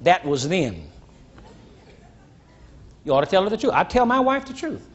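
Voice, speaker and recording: Older man preaching, high voice. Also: very animated, normal speed, a little hiss or hum. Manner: preachy, teasing, rising to shouts then dropping low. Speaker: pastor. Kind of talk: sermon. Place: church. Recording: dull lo-fi church recording, faint crowd.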